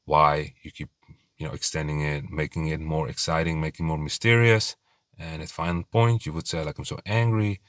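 Deep-voiced blunt man giving dating advice. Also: steady tone, brisk, no echo, clean studio sound. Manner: blunt, rambling, swears casually. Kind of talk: casual monologue to camera.

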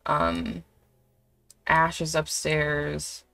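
Slow gravelly-voiced woman gamer. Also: low voice, animated, faint music behind. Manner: chatty, giggly, full of "like". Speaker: let's play creator. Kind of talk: casual life-sim game commentary.

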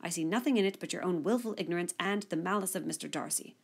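A spirited, sharp-witted young woman speaks pointedly and articulately. Her voice sits low with some gravel. A woman reads her in an audiobook. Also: fast. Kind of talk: audiobook character reading.

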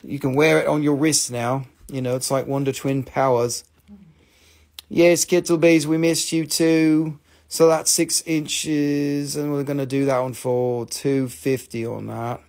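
A man's voice: medium pitch, little pitch movement, a little slow, vocal fry, darkish tone. A man hosting a live stream, selling crystals in casual, joking sales patter full of swearing. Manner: chatty, profane and joking.

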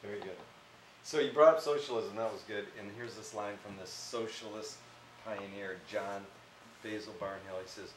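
A man interviewing a guest, asking questions in a soft-spoken way with brief affirmations. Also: lowish voice, fairly even intonation, normal speed, a little hiss or hum. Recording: distant mic in an echoey room.

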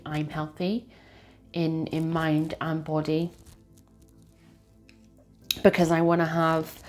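A woman with a fairly low voice talks through a tarot card reading. She speaks earnestly and with feeling, circling back over her phrases. Soft music plays faintly behind her. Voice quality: earnest, emotional, repetitive phrasing. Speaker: tarot reader.

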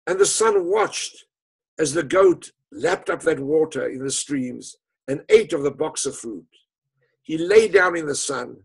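A man telling a story to an audience as part of a lecture, with dramatic, emphatic delivery and phrases that fall away to a hush. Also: a little high, creaky, breathy edge, rough recording.

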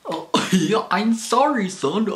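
A man doing an impression of a dopey, cheerful cartoon dad who chuckles through drawn-out yups and gollys. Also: sits high, expressive, pitched above the performer's own voice. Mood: goofy cheerful.

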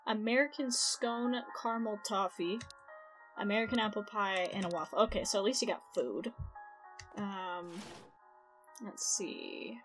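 A woman's voice: medium pitch, sing-song, slow pace, pauses often, fairly bright tone, soft background music. A woman casually narrating her own gameplay, reacting aloud and swearing. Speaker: gaming streamer. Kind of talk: let's play commentary.

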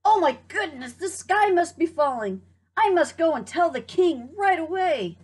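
Woman doing a fretful, squeaky storybook hen. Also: very animated, unhurried, a bit bright, husky, full character voice. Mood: alarmed. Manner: high, worried exclamations. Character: anxious fretful female hen. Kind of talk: storybook read-aloud.

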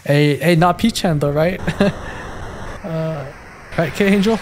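A gaming YouTuber giving excitable let's play commentary, swearing and stammering as he reacts to the game. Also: medium pitch, very slow, pauses often, slight background noise.

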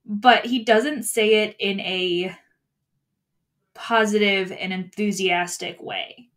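A woman's voice: medium pitch, steady tone, slow, fairly bright tone. A woman co-hosting a podcast, casually talking about a book and adding short agreeing replies. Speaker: podcast co-host.

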